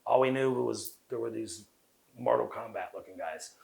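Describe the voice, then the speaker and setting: A man with a Southern US accent, a guest in an interview, telling long profane stories full of quoted dialogue at a rapid clip. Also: on the low side, creaky, a little mellow. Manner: fast talker. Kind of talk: casual interview storytelling.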